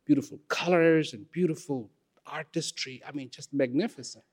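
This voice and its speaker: A man telling a story in a talk, unhurried and expressive, with dramatic pauses. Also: a little high. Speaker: speaker.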